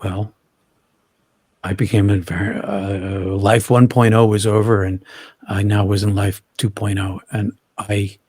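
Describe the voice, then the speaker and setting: Low husky-voiced man, halting storyteller. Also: level tone, a little mellow, dry recording, studio quality. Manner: halting, often restarts and repeats words. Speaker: interview guest. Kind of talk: personal storytelling in an interview.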